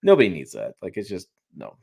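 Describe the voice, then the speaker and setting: A man's voice: deep voice, wildly swooping pitch, fairly quick, gravelly, breathy edge, dull audio. A man talking trucks as a journalist guest in a casual live-stream chat, emphatic and rambling, often restarting his sentences.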